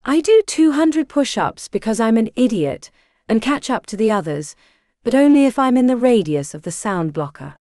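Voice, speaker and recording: A woman voicing a young male scout who answers in a quick, wry way. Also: fairly high pitch, expressive, warm tone, no room sound, studio quality, close to an everyday voice.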